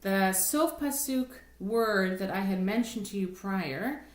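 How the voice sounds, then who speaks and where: Woman cantor, mid-pitched voice, patient and explanatory, sings short examples, echoey room. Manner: patient, explanatory, thinks aloud with restarts; breaks into slow sung examples. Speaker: cantor teaching a class. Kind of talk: recorded lesson explaining chant melodies. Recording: roomy, echoey room sound.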